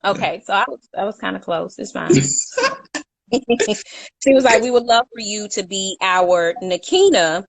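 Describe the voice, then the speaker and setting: A woman's voice: medium pitch, sing-song, unhurried. A woman co-hosting a casual talk show, telling a long story in a chatty way and stopping to correct her own slips with a laugh. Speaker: co-host.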